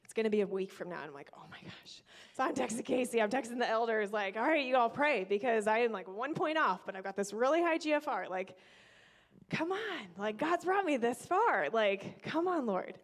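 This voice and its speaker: A young woman telling a personal story in a casual, faith-filled way. She gets excitable and animated, with bursts of praise. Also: on the high side, a little fast. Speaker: vlogger and kidney donor.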